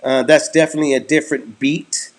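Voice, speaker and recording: A man's voice: a little high, fairly even intonation, a little fast. A young man co-hosting a casual boxing podcast, rambling with fillers and a dry mouth. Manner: rambling, many fillers and restarts. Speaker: podcast co-host. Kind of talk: casual boxing commentary over beers.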